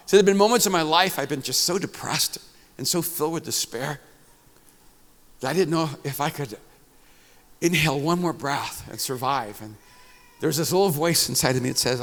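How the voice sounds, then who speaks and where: Dramatic preacher in a big echoing hall. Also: male voice, mid-range voice, expressive, fairly quick. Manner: dramatic, conversational preaching that swings between loud and hushed. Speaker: pastor. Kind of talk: storytelling sermon. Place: large church auditorium at a conference. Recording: reverberant hall, faint music.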